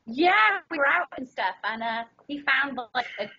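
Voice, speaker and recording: A woman's voice: high-pitched, sing-song, moderate pace, pushed and bright. A young woman co-hosting a podcast, telling stories in casual chat, laughing often and acting out her own quotes. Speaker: podcast co-host. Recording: muffled lo-fi podcast audio.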